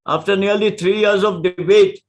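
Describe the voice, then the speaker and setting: An older senior advocate delivers a formal lecture full of courtroom stories. He speaks in a measured, deliberate way and gives weight to important words. His voice sits fairly high for a man. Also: steady tone. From India.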